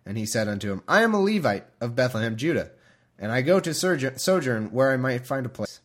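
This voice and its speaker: Male podcast host, conversational reader, bemused and chatty, quick to laugh, mid-range voice. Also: medium pitch, sing-song, a bit bright. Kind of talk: reading scripture aloud with casual commentary.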